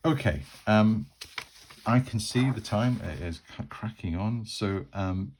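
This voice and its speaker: Very deep-voiced man, rambling. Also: a little mellow, a little hiss or hum. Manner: rambling, with many fillers and restarts. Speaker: channel host playing a solo tabletop game. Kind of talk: casual solo tabletop narration.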